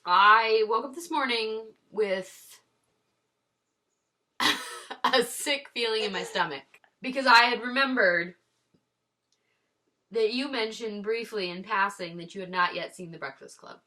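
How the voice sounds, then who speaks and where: A woman in her thirties co-hosting a casual chat over a video call, playfully dramatic and lively. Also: medium pitch, moderate pace. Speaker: podcast co-host.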